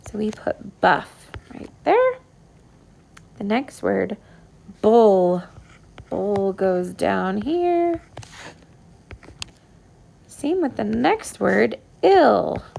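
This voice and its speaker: A woman's voice: mid-range voice, sing-song, creaky, darkish tone, a little hiss or hum. A woman teacher giving a recorded phonics lesson to young pupils, patient and sounding out each word. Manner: slow, patient, sounding out words. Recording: iPad whiteboard voice recording.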